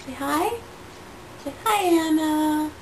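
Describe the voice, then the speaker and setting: A woman reading a picture book aloud to her toddler in a slow, sing-song storytelling voice. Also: high voice, recorded from a distance. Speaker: parent reading to her child. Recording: roomy sound from away from the mic, faint noise.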